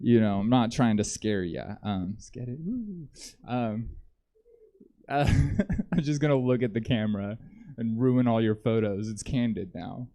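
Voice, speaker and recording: A man doing a stand-up comedy set on a theater stage, rambling in a deadpan way with frequent ums. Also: medium pitch, unhurried.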